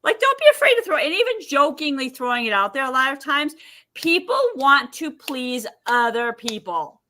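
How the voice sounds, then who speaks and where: A woman's voice: high-pitched, normal speed. A woman guest on a podcast interview, telling personal stories and acting out what people said. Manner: animated storyteller acting out quotes. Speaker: podcast guest, emotion healer.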